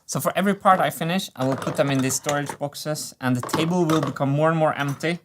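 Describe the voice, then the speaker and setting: A man narrating a workshop vlog, enthusiastic and quick to laugh. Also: on the high side, noisy background. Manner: excitable, laughs often, enthusiastic. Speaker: maker and engineering video creator.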